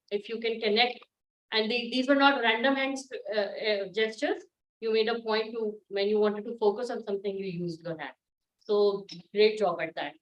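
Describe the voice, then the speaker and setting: Middle-aged woman, fairly high voice, encouraging and chatty, echoey room, far from the mic. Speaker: speech evaluator. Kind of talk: live speech evaluation on a video call. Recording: echoey distant laptop audio.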